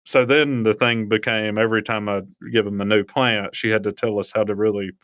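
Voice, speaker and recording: Low-voiced Alabama man telling stories. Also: fairly even intonation, fairly quick, a bit bright, no room sound, clean studio sound. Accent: Southern US, Alabama. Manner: rambling, chuckling storyteller. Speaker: podcast co-host, professor. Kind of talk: casual storytelling.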